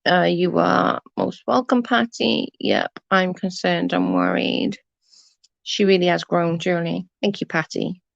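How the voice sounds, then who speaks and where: A woman with an English accent hosts a livestream, answering comments casually with blunt, sweary remarks. She speaks unhurriedly in a lowish voice with fairly even intonation and vocal fry. The sound is dull, dry, lo-fi stream audio with no echo.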